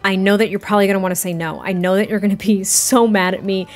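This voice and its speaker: A woman voicing an earnest, tender young man who pleads softly and stumbles over his words. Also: medium pitch, fairly even intonation, close to an everyday voice. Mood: pleading. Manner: pleading, halting restarts.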